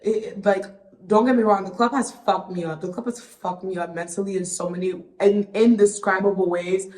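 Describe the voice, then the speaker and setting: A woman hosting a solo podcast, talking candidly and with lots of swearing, a little tipsy from wine. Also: mid-range voice. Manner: candid and profane, loose tangents. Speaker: podcast host. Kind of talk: casual solo podcast monologue. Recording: roomy echo.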